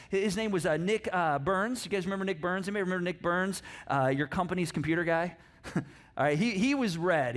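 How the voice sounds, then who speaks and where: Male pastor, high-pitched, lively sermon delivery with playful impressions. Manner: animated, acts out voices, laughs often. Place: church. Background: congregation.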